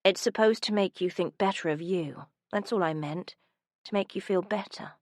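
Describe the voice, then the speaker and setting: Charming young rogue lord with a low, husky, intimate murmur, played by a woman; dry and close. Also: moderate pace, no echo. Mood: pleading. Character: charming roguish young nobleman.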